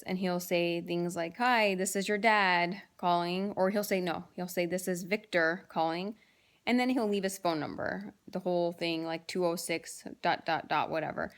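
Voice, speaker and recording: Woman in her thirties, casual vlog storytelling, amused and rambling, slightly low voice. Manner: chatty, amused, rambling with many fillers. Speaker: vlogger telling home stories.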